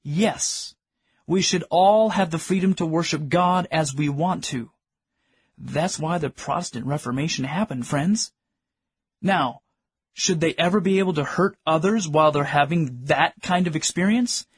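A man's voice: on the high side, a little slow, breathy edge, no room sound, clean studio sound. A middle-aged man preaching a sermon, earnestly asking his congregation questions and calling them friends. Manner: addresses listeners as friends.

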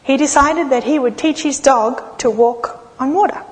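A woman preaching a sermon, telling stories expressively and slowing down for dramatic pauses. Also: sits high. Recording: long reverb of a large hall.

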